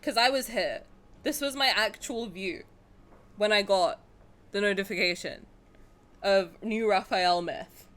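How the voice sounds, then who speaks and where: A woman, chatting casually on a stream, excitable and dramatic, rambling between topics. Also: mid-range voice, measured pace, pauses often.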